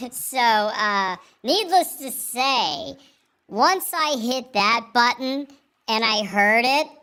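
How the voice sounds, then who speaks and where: A man talking through a pitch-up voice effect, laughing and chatting casually in a vlog. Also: lively intonation, extremely slow, sharp tone, clear, resonant tone, full character voice. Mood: amused. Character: giggly pitched-up helium version of the host. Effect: pitch-shifted up by a voice effect button. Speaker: host.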